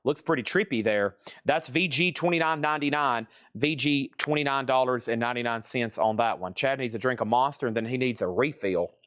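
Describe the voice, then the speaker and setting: A man's voice: medium pitch, a little fast, a bit bright, dry recording. A man hosting a live-stream vinyl record sale, chatting casually as he reels off prices, grades and bidder names. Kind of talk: live-stream auction chat.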